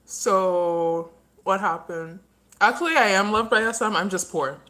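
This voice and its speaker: A woman's voice: mid-range voice, measured pace, bright, forceful tone. A woman hosting a casual livestream, rambling through her opinions and talking while she eats. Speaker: livestream host.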